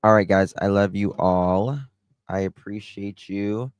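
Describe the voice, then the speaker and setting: A man's voice: on the low side, fairly even intonation, measured pace, clean tone, no room sound. A tired man, chatting casually with his livestream viewers and greeting them by name. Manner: chatty, drawling, talks to chat by name. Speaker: livestream host. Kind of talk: casual livestream chat reading comments.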